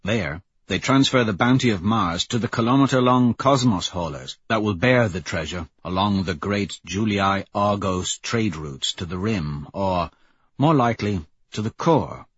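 A man narrating a novel in the first person, steady and measured. His voice is husky and sits in a middle pitch. The recording is dry, with a slightly dull, muffled top end. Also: no echo. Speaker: audiobook narrator.

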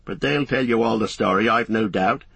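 A man's voice: on the low side, normal speed, vocal fry, fairly bright tone, breathy edge, no echo, full character voice. A man voicing a blunt, kindly hobbit farmer with a plain country way of talking, in an audiobook. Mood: hearty. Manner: country dialect, plain-spoken. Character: gruff rustic middle-aged hobbit farmer, blunt and kindly. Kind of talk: audiobook character voice.

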